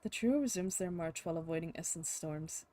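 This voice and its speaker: A woman streaming a game, reading all the story text and character lines aloud herself and breaking off into loud laughing reactions. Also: sits low, brisk, no room sound.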